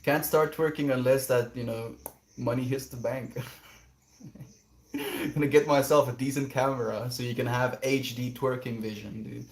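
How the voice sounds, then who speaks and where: A man talking casually to his livestream audience from a quiet outdoor spot. He reads viewers' messages aloud and mulls them over, thoughtful and easygoing. His pitch sits in an ordinary middle range. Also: fairly even intonation, normal speed, gravelly. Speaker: livestreamer reading chat.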